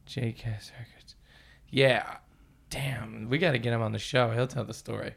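Gravelly-voiced man in casual chat. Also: mid-range voice, normal speed. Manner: relaxed, chiming in with short reactions and asides. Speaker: podcast co-host.

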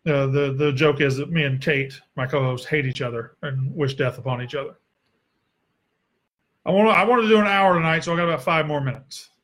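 Young Southern man, a fairly high voice, blunt and sarcastic, casual Q&A host who swears freely. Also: a little fast, fairly bright tone. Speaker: sports podcast host. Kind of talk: casual solo Q&A.

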